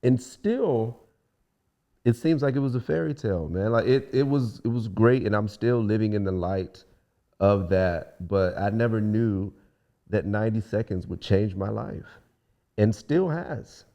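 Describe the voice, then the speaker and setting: A man's voice: on the low side, a little slow, dull audio. A young man from Washington DC, a guest singer, telling stories in a casual podcast interview and acting out the people he quotes. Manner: relaxed storyteller, acts out quoted voices.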